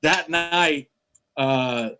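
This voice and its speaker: New man telling a lively story. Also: on the high side, extremely slow, clear, resonant tone, low-quality recording. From New York City. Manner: animated anecdotes, acting out quoted dialogue. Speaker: interview guest. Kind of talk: casual storytelling.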